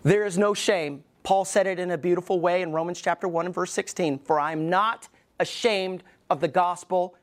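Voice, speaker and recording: A middle-aged man preaching a sermon as pastor in a church, emphatic, with pauses, and acting out the voices he quotes. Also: high voice. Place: church sanctuary.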